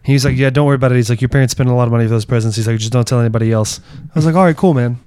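A man's voice: mid-range voice, racing, darkish tone, smooth. A man telling stories in a casual group chat, laid-back and swearing freely.

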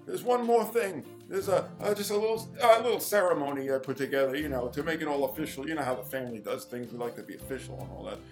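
A crude, scheming old rich father, voiced by a man who rants and gloats in a comedic audio drama. The voice sits high, and music plays clearly behind it. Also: normal speed, hardly any pauses, darkish tone, low-quality recording. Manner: vulgar, ranting, gleefully villainous.

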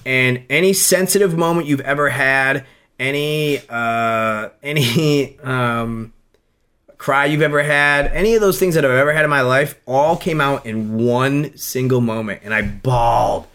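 A man's voice: medium pitch, unhurried, fairly bright tone. A man in his thirties co-hosting a podcast, talking in a rambling, emotional way with many restarts. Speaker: radio host, podcast co-host. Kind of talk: casual podcast chat.

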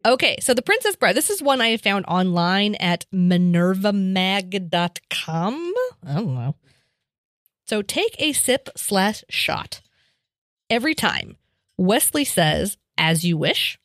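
Woman co-host, casual and wry, lively intonation, close dry mic. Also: medium pitch, slow pace, no room sound. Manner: animated, laughing, wry asides. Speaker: podcast co-host. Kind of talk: casual chat, reading a list aloud.

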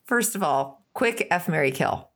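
A woman co-hosting a podcast in relaxed, casual chat. Her voice sits a little low. She tells rambling stories and acts out the people in them as she goes. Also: measured pace. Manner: rambling storytelling with acted-out quotes. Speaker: podcast co-host.

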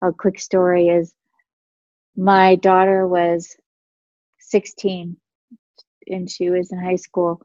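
A woman's voice: fairly low pitch, monotone, takes it slowly, pauses often, a little mellow, no echo, dull audio. Chatty middle-aged woman telling stories. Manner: chatty, meandering, many fillers and restarts. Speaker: guest sharing spiritual experiences. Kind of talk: casual storytelling chat.

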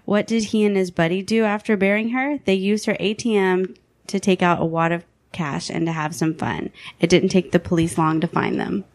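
A woman's voice: on the low side, normal speed, no echo. A woman hosting a podcast, reading list entries between casual chat. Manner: steady reading voice, laughs between items.

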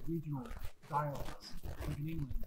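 Animated man telling stories. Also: a little high, moderate pace. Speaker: podcast guest. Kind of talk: casual chat. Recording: noisy background.

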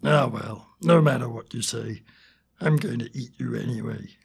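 Man putting on a gravelly greedy wolf. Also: mid-range voice, moderate pace. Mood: menacing. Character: sly hungry male wolf, greedy and leering.

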